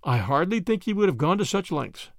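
A man reading a storybook aloud, voicing a quiet, courteous stranger who speaks calmly. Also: sits high, a little fast, no room sound, clean studio sound. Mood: kind. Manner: quiet, calm.

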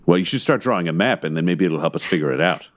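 Lively, jokey man at a game table. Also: low-pitched, quick pace, a little hiss or hum. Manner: jokey, laughing often. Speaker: player. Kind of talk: casual tabletop banter.

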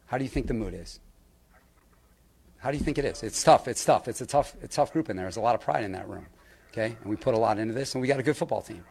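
A man's voice: mid-range voice, fast talker, gravelly, darkish tone, breathy edge. A man who coaches a football team, answering press questions firmly and defensively, repeating his points. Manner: firm, defensive, repeats himself.

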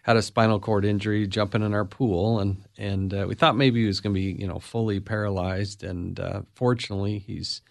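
A middle-aged man hosting an interview, talking in a soft-spoken, reflective way. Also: fairly low pitch, steady tone, brisk, gravelly, few pauses. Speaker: podcast host. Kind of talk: casual interview chat.

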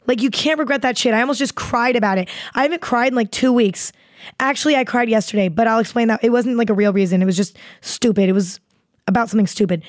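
A woman's voice: fairly high pitch, fast, a little mellow, no echo, clean studio sound. A young adult woman hosting a podcast, chatting casually in a rambling, heavily profane way. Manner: rambling, swears freely. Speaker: podcast host. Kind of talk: casual chat.

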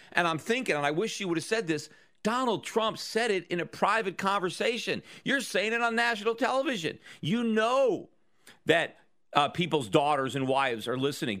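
On his own podcast, a man delivers an opinion monologue, arguing energetically and firing off rhetorical questions. His voice is a little high, bright, and forward.

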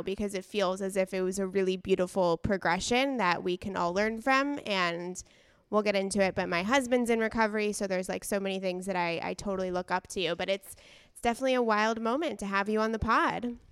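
A woman's voice: medium pitch, a little fast, fairly bright tone, clean tone, no echo, studio quality. A young woman co-hosting a casual podcast, chatty and self-deprecating, with lots of fillers and restarts. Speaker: podcast co-host.

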